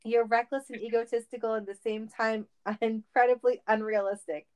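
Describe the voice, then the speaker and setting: A woman voicing a frantic, loyal male cartoon hedgehog, pleading and yelling. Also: fairly high pitch, fairly even intonation, a little fast, clean tone, natural voice. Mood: earnest.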